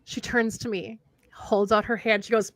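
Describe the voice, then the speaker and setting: A woman's voice: medium pitch, normal speed, slight background noise. A young woman hosting a casual livestream chat, telling stories with lots of laughter. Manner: animated storyteller, laughs often. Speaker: podcast host.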